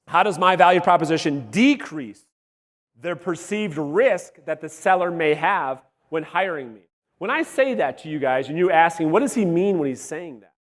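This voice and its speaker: A man coaching real estate agents at a live workshop, energetic and blunt, swearing and quizzing the audience, his voice wearing out. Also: sits high. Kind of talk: live workshop teaching to a room. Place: large room with live audience. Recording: long hall reverb.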